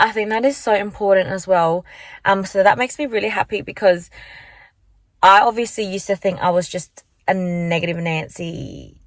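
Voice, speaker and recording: Sitting in her parked car, a young woman chats casually to camera on a handheld phone, rambling and full of likes and restarts. Her voice is medium-pitched, with no echo.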